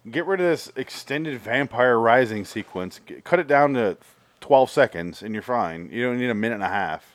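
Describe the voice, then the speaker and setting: A man's voice: medium pitch, lively intonation, moderate pace, dry recording. A man in casual podcast chat, wryly critiquing a film's pacing.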